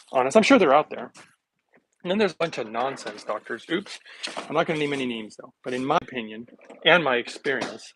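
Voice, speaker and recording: A man hosting a health livestream, chatting casually and rambling with sarcastic asides while making a smoothie in his kitchen, recorded on a phone. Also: mid-range voice, noisy background.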